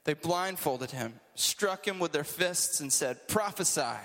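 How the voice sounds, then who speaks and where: A man's voice: a little high, slow, sharp tone, long reverb tail. A man preaching a casual, conversational sermon to a group, with joking asides.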